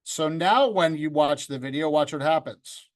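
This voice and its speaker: Speaking at normal speed in a fairly high voice, this man runs a video-editing class over a video call from a home room with a green screen. The video club instructor stays upbeat, cracks jokes, and calls on students by name.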